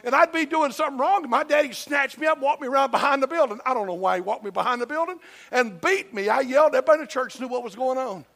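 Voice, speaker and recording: High, gravelly Southern pastor preaching. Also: male voice, quick pace, fairly bright tone. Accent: Southern US (Georgia). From Georgia, US. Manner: folksy, emphatic, storytelling with humor. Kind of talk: sermon.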